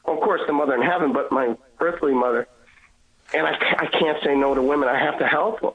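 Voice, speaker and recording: A man's voice: a little high, brisk. A man, a guest on the show, earnestly telling a personal faith story and often repeating and restarting his words. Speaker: guest sharing a faith testimony. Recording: tinny phone line.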